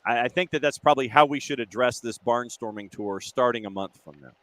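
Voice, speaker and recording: A man hosting a podcast who chats casually, reads out listener comments, and rattles off dates and lists at a brisk clip. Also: medium pitch, fairly bright tone. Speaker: podcast host. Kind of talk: casual chat and news rundown.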